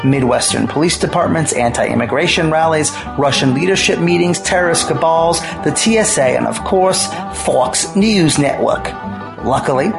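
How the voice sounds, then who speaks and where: A man's voice: fairly high pitch, vocal fry. Wry man hosting a comedy radio show. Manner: dry, wry scripted banter. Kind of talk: scripted comedic radio intro.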